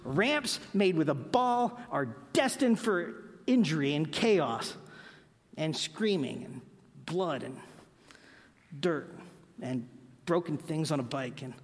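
Middle-aged guy preaching, tells stories and acts them out, kinda high voice, big echoey hall. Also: slow, pauses often. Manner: animated storytelling, acts out anecdotes. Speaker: pastor. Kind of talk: sermon. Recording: long hall reverb.

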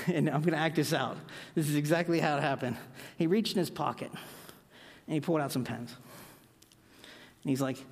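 Animated pastor preaching in a reverberant hall. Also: male voice, a little high, moderate pace, pauses often. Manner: animated storytelling, acts out anecdotes. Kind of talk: sermon.

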